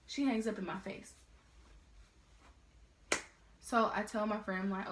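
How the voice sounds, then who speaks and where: Teen girl, casual slangy storytelling, mid pitch, roomy echo. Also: moderate pace, pauses often. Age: teens. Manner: casual, slangy, animated retelling. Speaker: vlogger. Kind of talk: storytime vlog.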